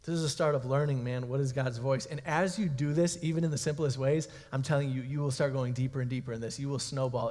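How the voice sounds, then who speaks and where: A young man gives a youth sermon in a mid-range, slightly mellow voice, the hall's long reverb trailing his words. As a youth pastor, he keeps it casual and conversational, regularly asking "okay?" and addressing the "guys."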